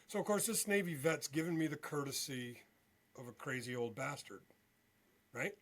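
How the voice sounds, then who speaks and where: Animated male veteran telling a story. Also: medium pitch, moderate pace. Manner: animated storyteller, often checks in with "okay?". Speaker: podcast guest, military veteran. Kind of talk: storytelling interview.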